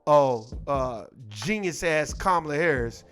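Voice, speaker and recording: A man's voice: a little high, lively intonation, measured pace, fairly bright tone. A man ranting in casual, profane commentary, irritated and repeating himself. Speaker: commentary host.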